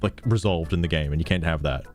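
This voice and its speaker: A man's voice: a bass voice, fast, a little mellow, soft background music. A man streaming, reacting to a video with sarcastic, profane commentary and frequent laughter. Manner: sarcastic, swears often, laughs a lot.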